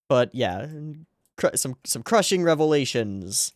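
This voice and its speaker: A man with a mid-range voice, lively intonation and a darkish tone speaks at normal speed, in studio-quality sound with no room sound. He hosts an anime reaction channel, rambling through casual episode commentary and swearing freely along the way.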